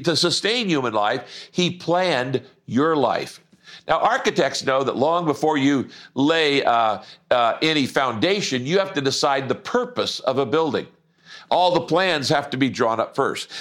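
A male pastor delivering a sermon in a church, his pitch rising and falling in a lively way. He slows down to stress key words and lets his voice drop low at the ends of phrases.

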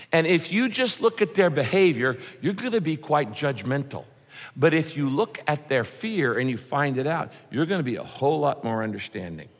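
Animated pastor preaching in a hall. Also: male voice, a little high. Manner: punchy rhymes and mock quotes, animated. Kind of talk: sermon.

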